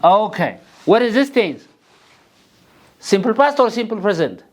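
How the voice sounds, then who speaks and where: A man's voice: sits high, sing-song, a little slow. A man teaching an English grammar lesson in a classroom, quizzing his students and mixing English with Amharic.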